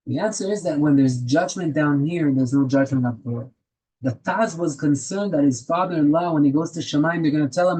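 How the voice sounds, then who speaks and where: A man's voice: fairly high pitch, moderate pace, dark tone, husky, rough recording. A man teaching a Torah class, telling stories and asking rhetorical questions, with Hebrew terms woven into his English.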